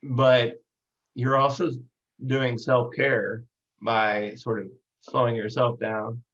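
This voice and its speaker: A man's voice: medium pitch, level tone, slow pace, a bit bright, muffled recording. A man hosting an interview who reflects thoughtfully and hesitantly, with frequent ums. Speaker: podcast host. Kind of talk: conversational interview.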